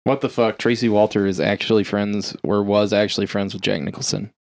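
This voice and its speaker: A man's voice: fairly low pitch, fairly even intonation, fairly quick, gravelly, no echo, studio quality. A man co-hosting a casual film chat, reading out trivia and swearing now and then. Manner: reads trivia aloud, swears and laughs often.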